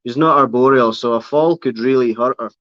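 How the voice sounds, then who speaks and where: A man of medium pitch speaks fairly quickly with no echo as he hosts a casual livestream featuring his pet reptiles and spiders. He chats warmly about his spider and coos at her in baby talk from time to time. A nearby camera on a tripod records him, producing dull, slightly lo-fi audio.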